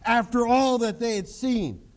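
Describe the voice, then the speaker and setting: A man preaching a sermon to his congregation, animated, joking and acting out the people in the story. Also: very high voice, measured pace. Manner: animated preaching with jokes and acted-out quotes. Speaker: pastor.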